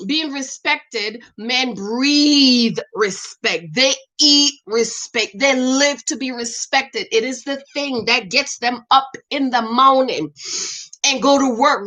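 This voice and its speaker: A middle-aged woman chats casually about a reality show and greets her regular viewers by name. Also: sits high. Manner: animated, talks back to viewers by name. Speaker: commentary vlogger reading viewer comments. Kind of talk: casual chat.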